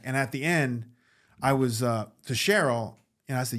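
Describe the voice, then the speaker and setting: A man guest on a podcast, telling stories in a casual, animated way, acting out the voices of the people in them. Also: mid-range voice, moderate pace. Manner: animated, acts out voices in anecdotes. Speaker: guest actor. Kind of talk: casual storytelling interview.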